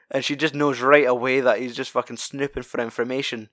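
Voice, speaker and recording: A man recaps a film in casual, profanity-laced chat, wandering from thought to thought and laughing along the way. His voice sits at an ordinary middle pitch and is recorded close and dry, with no room sound. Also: flat delivery, brisk, hardly any pauses, fairly bright tone, dry recording. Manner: sweary, rambling, laughs often.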